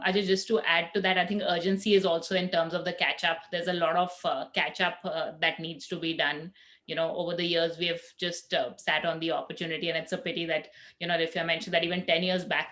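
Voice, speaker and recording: A woman's voice: on the low side, a bit bright. A woman panelist giving closing remarks in a thoughtful, hesitant way with many fillers.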